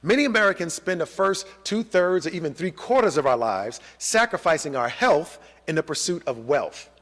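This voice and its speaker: A man's voice: a little high, moderate pace. A middle-aged man from New York City, a college professor leading an interactive training lecture and checking in with the audience often. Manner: energetic, audience-engaging, frequent "okay?" and "right?" check-ins. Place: large hall with a live audience. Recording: long hall reverb.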